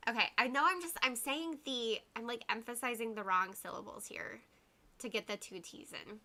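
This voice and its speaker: A woman's voice: a little high, moderate pace, sharp tone. A woman hosting a casual livestream, rambling chattily and greeting viewers by name. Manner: uses y'all and like often. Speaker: livestream host.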